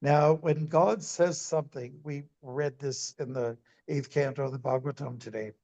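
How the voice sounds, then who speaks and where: A man, a monk, giving a scripture class as a sermon in a deliberate way, repeating words for emphasis. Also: mid-range voice, steady tone, a little mellow, dull audio. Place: temple.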